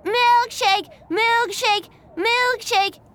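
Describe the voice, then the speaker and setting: A woman voicing a demanding little red-haired boy who shouts in a shrill, whiny voice. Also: slow, heavily acted.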